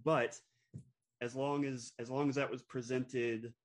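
A man in casual conversation, friendly and ready to agree. He talks loosely with restarts, at an everyday middle pitch. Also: flat delivery. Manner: agreeable, chatty, quick to affirm. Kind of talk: casual chat.

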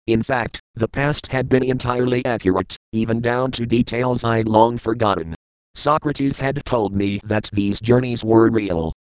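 A man reading an audiobook in the first person, at a measured and reflective pace. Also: mid-range voice, clear, resonant tone, no echo, rough recording. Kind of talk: audiobook narration.

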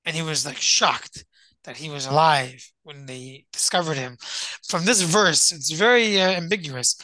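Man, rabbi, Torah class, reads Hebrew verses and translates them, bright voice, dry sound. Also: on the high side, expressive, moderate pace, no echo, low-quality recording. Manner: thinks aloud, asks and answers his own questions.

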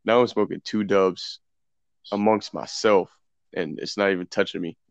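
A man's voice: low voice, normal speed, creaky, dry recording. A young man casually telling a profane story among friends, acting out the dialogue. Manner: loose, profane, animated retelling with quoted dialogue. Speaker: podcast co-host. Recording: dull, dry lo-fi sound.

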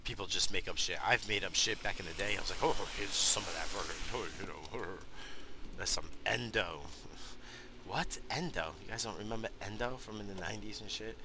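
A man's voice: fairly low pitch, fairly quick, noisy background. A middle-aged man from New York, rambling casually and profanely in his car, laughing as he tells stories. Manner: profane, laid-back, laughing storyteller. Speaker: vlogger. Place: parked car.

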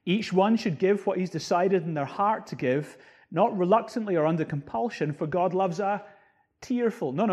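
A man's voice: high-pitched, fairly quick, a little mellow, slightly rough. A man preaching a sermon, reading scripture and explaining it with rising emphasis on key words. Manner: quotes and explains scripture verse by verse. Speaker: pastor.

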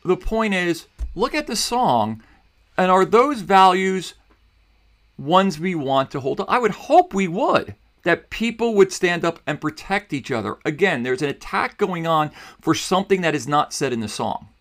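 Animated, argumentative male podcast host. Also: high-pitched, measured pace. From New York City suburbs. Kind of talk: opinion commentary.

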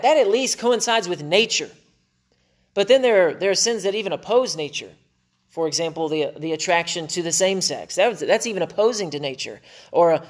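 A man preaching a sermon as pastor, conversational, with quick asides and self-corrections. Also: sits high. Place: church.

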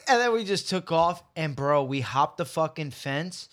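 Profane storytelling man, slightly high voice. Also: moderate pace, smooth. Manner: profane, animated, acts out quoted voices. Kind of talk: casual storytelling chat.

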